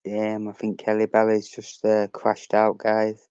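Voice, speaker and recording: A man's voice: on the low side, monotone, measured pace, darkish tone, smooth, no room sound, highs cut off. A man hosting a casual live stream, chatting with viewers and greeting them by name.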